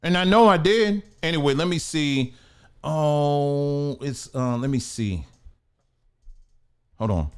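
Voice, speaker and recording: A man's voice: on the high side, lively intonation, takes it slowly, pauses often, smooth. A middle-aged man hosting a casual news commentary show, rambling, muttering to himself and laughing often. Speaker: host.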